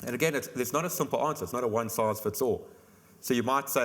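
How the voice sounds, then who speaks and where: A man's voice: mid-range voice, a bit bright. A man, an insurance expert explaining things on a conference panel in a chatty way. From South Africa. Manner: fast, explanatory, chatty with "you know" fillers. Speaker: insurance company expert guest.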